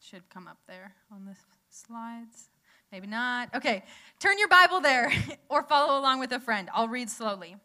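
A woman's voice: fairly high pitch, lively intonation, normal speed, bright, forceful tone. A young woman preaching a sermon in a conversational way, laughing often and telling stories with animation.

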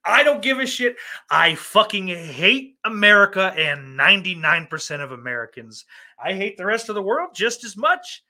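Man, podcast host, lively swings in pitch, bright tone, sardonic, profane. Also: moderate pace. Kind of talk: casual chat, reading listener questions.

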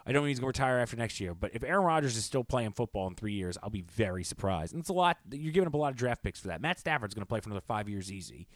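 A man's voice: on the low side, expressive, very fast, few pauses, dry recording. A man co-hosting a sports podcast, giving his opinions in long runs with frequent restarts. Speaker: podcast co-host. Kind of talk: casual sports talk.

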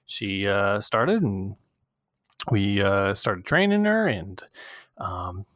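A man's voice: fairly low pitch, big pitch swings, slow pace, fairly bright tone, no echo, clean studio sound. A young man hosting a casual podcast, rambling with lots of fillers and swearing, acting out quoted people in a raised voice. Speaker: podcast host. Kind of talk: casual chat.

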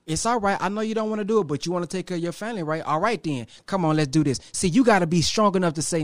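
High-pitched man preaching self-improvement, dry sound, big pauses. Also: no room sound. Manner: preacherly, dramatic pauses, acts out voices. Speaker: motivational speaker. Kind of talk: motivational talk to a live audience.

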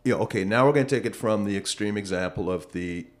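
A man's voice: lowish voice, quick pace. A man co-hosting a podcast, earnestly arguing a point in casual debate and often restarting his phrases. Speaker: podcast co-host.

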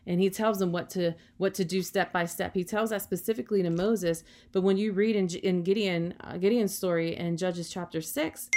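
A woman's voice: mid-range voice, normal speed, few pauses, a little mellow. A woman preaching a sermon in an earnest, encouraging way, often adding "you know" as she talks.

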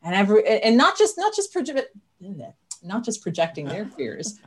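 A woman's voice: mid-range voice, wildly swooping pitch, normal speed, slight background noise. A woman in her thirties, a guest on a podcast, chatting animatedly and laughing often, with frequent restarts. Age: 30s. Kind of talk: casual chat.

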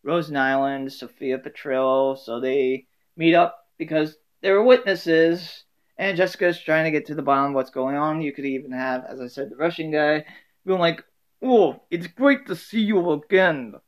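A man muses aloud in a casual solo talk, rambling and full of fillers and restarts. His voice sits a touch high for a man. He records from home. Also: fairly even intonation, normal speed, smooth.

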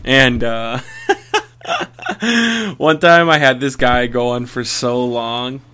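A young man co-hosting a loose, casual podcast. He rambles through stories, swears freely and laughs often, with a voice of ordinary pitch. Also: steady tone, takes it slowly, pushed and bright, clean tone. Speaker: podcast co-host.

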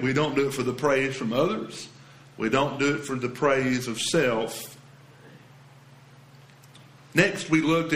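A man preaching a sermon as a pastor, earnest and emphatic, going soft and low when he quotes scripture. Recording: roomy echo.

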